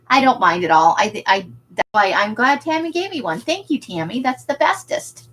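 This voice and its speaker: A woman's voice: fairly high pitch, sing-song, normal speed, fairly bright tone, breathy edge, low-quality recording. A woman who runs a craft shop, hosting a casual livestream and chatting with viewers. She is self-deprecating and laughs often.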